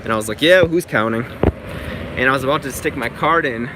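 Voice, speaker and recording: In a casual vlog recorded outdoors near traffic, a man tells a story, chatty and exasperated, swearing freely. He speaks very fast in a mid-range voice.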